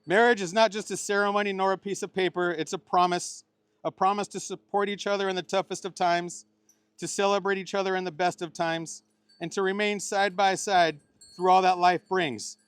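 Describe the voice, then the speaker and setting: A man's voice: high-pitched, steady tone, normal speed, a bit bright, smooth, no room sound. A middle-aged man officiating a wedding as the bride's uncle, mixing playful jokes with heartfelt advice. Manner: joking, playful asides between heartfelt advice. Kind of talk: wedding ceremony speech.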